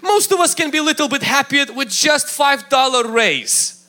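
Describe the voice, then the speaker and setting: Male pastor preaching: high, animated and bright, emphatic, acts out quoted voices. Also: normal speed. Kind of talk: sermon.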